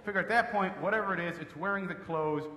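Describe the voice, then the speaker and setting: A man's voice: high-pitched, fast. A man doing a sarcastic, exasperated stand-up comedy routine on stage. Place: live comedy stage in an echoey hall. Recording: echoey hall with background noise.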